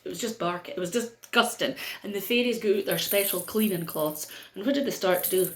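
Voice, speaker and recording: A middle-aged woman with a North-East Scottish accent telling a story to children in a playful way, with dramatic pauses. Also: medium pitch, echoey room, a little hiss or hum.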